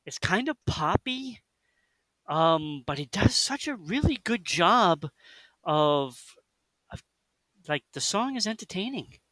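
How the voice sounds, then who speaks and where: Male co-host, chatty and rambling, slightly higher voice, dry close mic. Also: slow, pauses often, no room sound. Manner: rambling, animated, many fillers and restarts. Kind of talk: casual radio chat about music.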